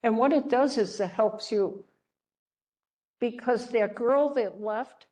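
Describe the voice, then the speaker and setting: Slow, gentle older woman teaching. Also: a little high. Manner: gentle, chatty, checks in with listeners. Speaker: religious sister teaching a class. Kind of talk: storytelling lecture to a class.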